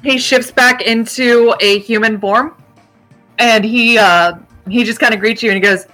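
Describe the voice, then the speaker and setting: A woman's voice: on the high side, steady tone, unhurried, sharp tone, faint music behind, poor audio. A young adult woman narrating as game master for a tabletop game, casual and playful, laughing often.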